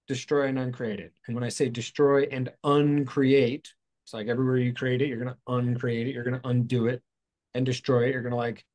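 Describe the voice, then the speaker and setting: A man's voice: medium pitch, a little mellow. Rambling man musing on spiritual ideas. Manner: rambling, self-correcting, playful asides. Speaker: host. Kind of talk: casual spiritual talk. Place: outdoors in hot weather.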